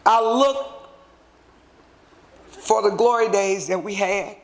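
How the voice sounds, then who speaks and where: A man's voice: high voice, slow. A man giving an impassioned, emotional speech at a luncheon, speaking in a fervent, conversational way as he presents a certificate.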